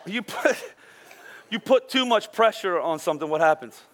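Bright-voiced animated male pastor. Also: sits high, moderate pace, a little hiss or hum. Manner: animated, self-deprecating storytelling. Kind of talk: sermon with storytelling. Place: church auditorium.

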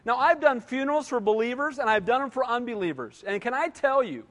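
Pastor in his 60s, very high voice, emphatic sermon, long hall reverb. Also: expressive, fairly quick, a bit bright. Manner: emphatic preaching, repeatedly asking "Amen?".

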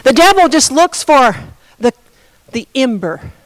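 A woman's voice: high voice, very animated, unhurried, dry recording, low-quality recording. A woman pastor giving a conversational sermon, often asking the congregation questions.

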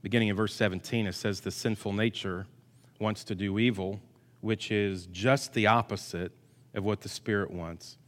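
A male pastor delivering a sermon, swinging between loud emphatic bursts and quiet asides, with self-deprecating humor. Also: on the low side, fairly even intonation, moderate pace. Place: church hall with long reverb. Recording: hall reverb.

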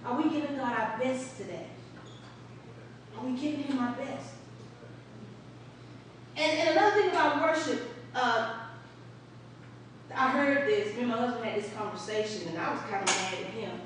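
A woman's voice: fairly high pitch, moderate pace, long pauses. A woman preaching a conversational sermon to a congregation, telling stories, asking questions and laughing often. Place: church sanctuary. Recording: very echoey room from far off, faint hiss.

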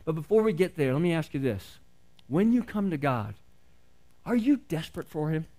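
A pastor preaches a sermon earnestly and conversationally, posing rhetorical questions. His voice is a little high with big pitch swings and a dark tone, at normal speed.

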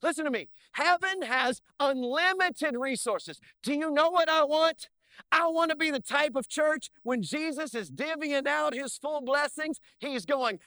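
A male pastor preaching an energetic sermon in a church, with playful asides and slow, drawn-out emphasis on key words. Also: very high-pitched, no room sound. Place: church sanctuary.

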